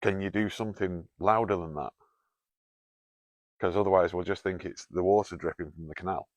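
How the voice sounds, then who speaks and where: The host here is a paranormal investigator leading a night ghost hunt in a canal tunnel, where he jokes, swears openly and calls out to a spirit. He speaks casually in a low, steady voice at a moderate pace, without echo.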